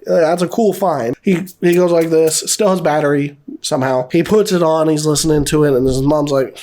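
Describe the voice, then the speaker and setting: Male reviewer, slightly high voice, rambling profane rant. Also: steady tone, a little fast, darkish tone. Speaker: movie reviewer. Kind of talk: casual spoken review.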